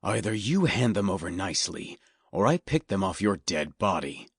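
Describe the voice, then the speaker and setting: A man voicing a cold, ruthless hooded male stranger in an audiobook, speaking in a low, heavy, threatening snarl. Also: very animated, moderate pace, husky, dry recording, clean studio sound, exaggerated voice. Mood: menacing. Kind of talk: audiobook character voice.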